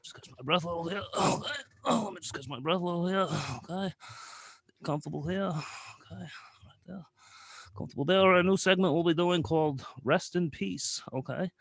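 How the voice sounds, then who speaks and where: Comic bit: man voicing a winded, raspy-edged, high-ish rambling late-night host who can't stop saying "okay.". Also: a little fast, fairly bright tone, no room sound. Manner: fills every phrase with "okay" and "here"; belts off-key song snippets. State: out of breath. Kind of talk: comedic character bit.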